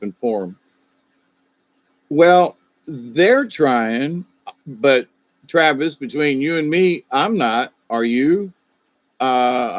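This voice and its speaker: Chuckling and rambling, a middle-aged livestream host with a Southern US drawl chats with viewers, addressing them by name. He comes from the American South, speaks at a medium pitch, and there's no echo on the audio.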